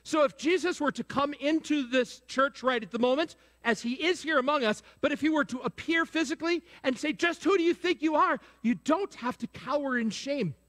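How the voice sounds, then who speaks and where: A pastor with a very high-pitched, fairly bright voice preaches a sermon quickly, barely pausing. He keeps asking the congregation questions and prompting answers, and the church sanctuary gives a long reverb.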